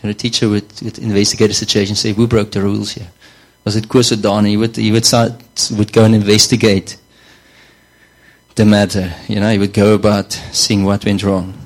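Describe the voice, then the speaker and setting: A man's voice: lowish voice, little pitch movement, fairly quick, poor audio. A man preaching a sermon in a conversational way, often repeating words and saying "you know".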